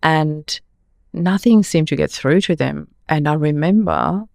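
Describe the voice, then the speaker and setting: A woman's voice: sits low, measured pace, creaky, darkish tone, dry recording, studio quality. A woman in her forties, a podcast guest earnestly recounting a personal story with many "you know"s.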